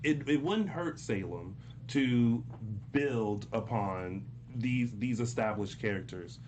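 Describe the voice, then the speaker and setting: A man co-hosting a live soap opera recap show, relaxed and agreeable, chatting with callers and co-hosts. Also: mid-range voice, takes it slowly, a little hiss or hum. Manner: relaxed, agreeable, lots of yeahs and mm-hmms. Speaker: co-host. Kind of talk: casual recap chat.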